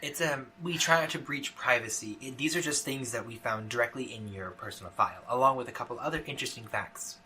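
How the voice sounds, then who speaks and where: A man voicing a polite, wealthy woman who runs a company, sweet on the surface and quietly probing. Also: medium pitch, fast talker, few pauses, close to an everyday voice. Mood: businesslike. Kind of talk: game master voicing a character.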